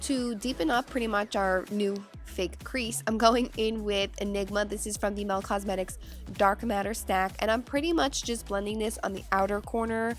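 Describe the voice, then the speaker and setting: A woman's voice: mid-range voice, steady tone, normal speed, faint music behind. A young woman with a cold and a nasal voice, chatting through a makeup tutorial voiceover with gushing, casual talk full of fillers. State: has a cold. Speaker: beauty vlogger.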